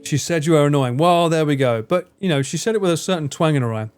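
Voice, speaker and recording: Streamer guy chatting w his chat, kinda high voice, swears a lot, bit of music playing low behind. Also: quick pace, darkish tone. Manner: rambling, swears freely, laughs often. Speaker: livestreamer. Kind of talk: casual chat reading out and answering live chat.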